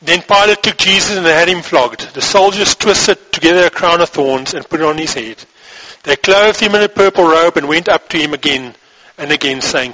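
A man's voice: fairly high pitch, moderate pace, sharp tone, low-quality recording. A man reading scripture aloud and breaking off to explain it, with occasional restarts. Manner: reads, then breaks off to explain.

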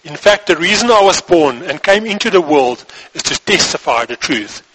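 A man reading aloud the lines of a calm male prisoner answering his judge, in a lower, measured tone. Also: slightly rough, rough recording.

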